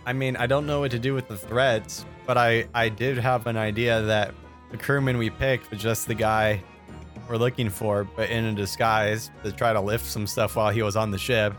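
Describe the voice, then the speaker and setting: A man's voice: fairly low pitch, little pitch movement, normal speed, fairly bright tone, faint music behind. Dry, wry man at a game table. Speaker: player. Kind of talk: playing a tabletop role-playing game.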